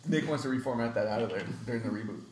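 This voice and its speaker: A man's voice: medium pitch, rapid-fire, recorded from a distance, crowd noise. A man co-hosting a casual podcast, teasing and crude. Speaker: podcast co-host. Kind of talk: casual group chat. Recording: echoey room, set back from mic.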